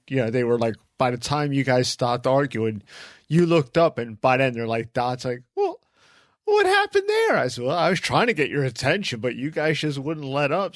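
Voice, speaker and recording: A laid-back man co-hosting a podcast, chatting casually and laughing often. His mid-pitched voice is recorded dry, with almost no room sound. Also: no room sound. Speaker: podcast co-host. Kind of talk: casual chat.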